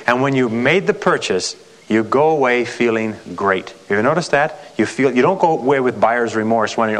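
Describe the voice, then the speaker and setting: A man's voice: mid-range voice, lively intonation, brisk. Emphatic man giving a motivational seminar. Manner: emphatic, repetitive, with frequent rhetorical questions. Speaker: sales trainer.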